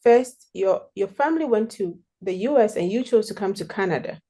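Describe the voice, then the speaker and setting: Woman host, mellow warm tone, encouraging and measured questions. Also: mid-range voice, lively intonation. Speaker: interview host. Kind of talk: interview questions.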